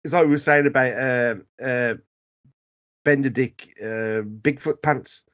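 A man's voice: mid-range voice, unhurried, fairly bright tone, lo-fi sound. A man hosting a podcast in a tipsy casual chat, joking and laughing often. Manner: giggly, jokey, laughs often. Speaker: podcast host.

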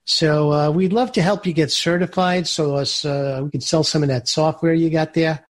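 A man's voice: fairly high pitch, fairly even intonation, moderate pace, natural voice. A man voicing a friendly male officer with a thick Chicago accent who is running a shakedown, talking breezily with lots of "uh" and "yeah". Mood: breezy.

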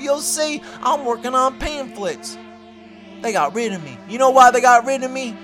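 Brief: high-pitched man, rambling preachy comic monologue, boastful self-made prophet. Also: sharp tone.

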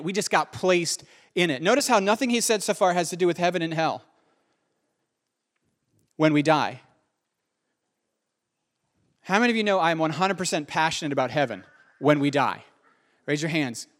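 A man preaching a sermon in an earnest, conversational way, often repeating his phrases for emphasis. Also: a little high. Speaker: pastor.

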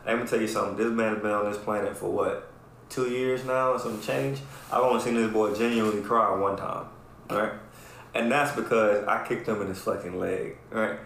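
Brief: male podcast host, swears a lot, animated storyteller, very roomy echo, faint room noise. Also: lowish voice, normal speed, vocal fry. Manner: profane, animated, keeps asking "right?". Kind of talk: casual storytelling chat. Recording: very echoey room.

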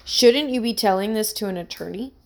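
Storybook role: woman reads a calm, patient pastor who speaks gently. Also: medium pitch, a little fast, lightly acted. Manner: gentle and steady. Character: calm, patient middle-aged male pastor.

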